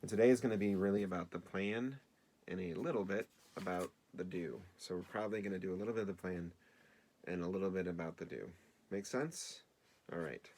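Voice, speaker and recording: Low-voiced chatty male teacher. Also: a little fast, a little mellow, slight background noise. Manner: chatty and self-deprecating, with many fillers. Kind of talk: casual remote video lesson for children.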